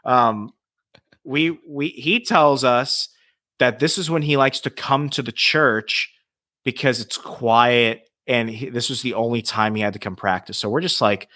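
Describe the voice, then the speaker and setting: A man telling a ghost story as a podcast guest, lively and swearing freely. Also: medium pitch, a little slow. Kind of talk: casual storytelling.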